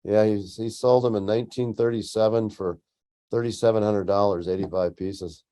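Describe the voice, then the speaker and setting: A man hosting a podcast interview in a relaxed, chatty way, often letting his sentences trail off softly. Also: on the low side, moderate pace. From Tucson, United States. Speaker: podcast host. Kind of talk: casual interview chat.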